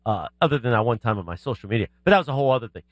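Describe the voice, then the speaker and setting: A man hosting a sports radio show, telling rambling stories and pitching bits. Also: big pitch swings, no room sound, studio quality. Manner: rambling, quick storytelling. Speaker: radio host. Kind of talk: casual sports talk chat.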